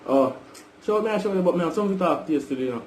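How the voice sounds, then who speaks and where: A man's voice: sits high, animated, racing. A young man with a Jamaican accent, confronting his brother on a call, pressing and repetitive. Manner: repetitive, pressing, keeps calling him brother. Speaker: vlogger. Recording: echoey room with faint background noise.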